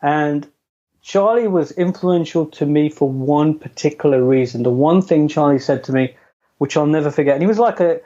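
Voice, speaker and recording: A middle-aged man tells his story in an easy, chatty way, poking fun at himself and laughing along. His voice sits on the higher side for a man but sounds mellow and dark in tone. The recording is dull and lo-fi. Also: moderate pace. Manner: chatty, self-deprecating, laughs often. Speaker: interview guest. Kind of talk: casual storytelling. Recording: dull lo-fi audio.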